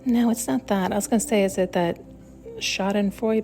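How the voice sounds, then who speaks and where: A woman's voice: medium pitch, fairly even intonation, normal speed, mellow, soft background music. A woman hosting a solo spiritual podcast, talking in a searching, emphatic way and now and then acting out the voices she quotes. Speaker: podcast host.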